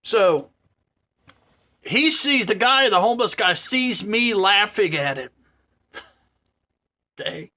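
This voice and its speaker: A man's voice: sits high, takes it slowly, long pauses. A man in his fifties telling a story casually to camera, swearing often and laughing. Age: 50s. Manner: profane, laughing, animated. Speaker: vlogger.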